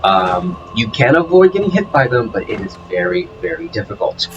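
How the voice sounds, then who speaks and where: Let's play host, male, rambling and animated, game music playing under him. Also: lowish voice, normal speed, highs cut off. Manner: rambling, lots of fillers and restarts. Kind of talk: casual gameplay commentary.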